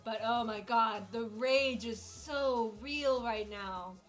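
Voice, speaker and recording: Slow-talking, dramatic woman streamer. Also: on the high side, soft background music. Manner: dramatic, exasperated, laughing often. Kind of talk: casual live-stream chat while gaming.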